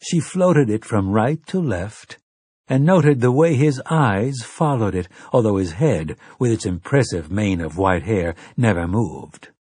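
A man narrating an audiobook in a measured, even storytelling manner. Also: lowish voice, breathy edge, no room sound, studio quality. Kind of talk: scripted narration.

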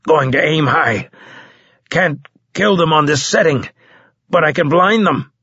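A man's voice: fairly high pitch, expressive, measured pace, pushed and bright, husky, no room sound, highs cut off, voice pushed up, exaggerated voice. A man voicing a wounded, gasping soldier. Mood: urgent, strained. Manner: terse, urgent, gasping for air. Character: wounded gruff male soldier, panting.

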